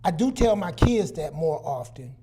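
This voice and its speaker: A man's voice: fairly high pitch, moderate pace, breathy edge. A man in his sixties, a guest psychologist, telling personal stories in casual chat and acting out the lines he quotes. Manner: animated storyteller, acts out quoted dialogue.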